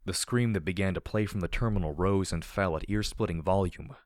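A man narrating an audiobook of dark fan fiction in a steady, measured storytelling voice. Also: low-pitched, no echo, clean studio sound.

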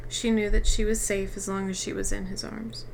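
A woman's voice: mid-range voice, little pitch movement, normal speed, creaky, darkish tone, slight background noise, low-quality recording. A woman reading a novel aloud, now and then stumbling over the text. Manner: stumbles and apologizes between passages. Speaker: reader.

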